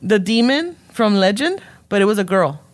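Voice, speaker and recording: A woman's voice: medium pitch, moderate pace, no room sound. A woman, telling a story in casual chat and switching between English and as she acts out what people said. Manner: animated storytelling, switching between English and Spanish, acting out quotes.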